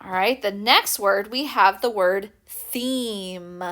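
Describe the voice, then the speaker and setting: A woman teacher giving a recorded spelling lesson for young children, patiently and clearly sounding out letters. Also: mid-range voice, slow pace, a bit bright. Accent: American.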